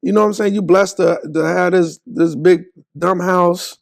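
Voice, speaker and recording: A man's voice: high voice, normal speed, creaky, dry recording, clean studio sound. A middle-aged man, a podcast guest, telling his own story in casual, slangy talk and acting out what people said. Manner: animated storyteller, slangy, acts out quotes. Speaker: podcast guest, cycling specialist.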